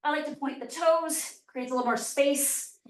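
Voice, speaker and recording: A high-pitched woman speaks at a moderate pace as a fitness instructor running a workout class, calling out moves and counting down reps while out of breath. The room echoes, and her voice comes from a mic placed far away.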